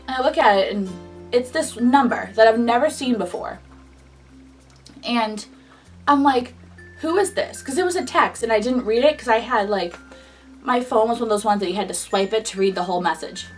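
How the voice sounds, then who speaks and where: A woman's voice: fairly high pitch, normal speed, recorded from a distance, faint music behind. Chatty young woman telling a story. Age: young adult. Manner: chatty, frequent "like", animated retelling. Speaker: vlogger. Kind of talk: casual storytime monologue.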